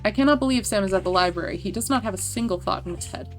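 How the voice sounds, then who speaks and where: A woman's voice: medium pitch, very fast, soft background music. A young woman livestreaming a farming video game, chatting casually with viewers, laughing and swearing offhandedly. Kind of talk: casual gameplay chat.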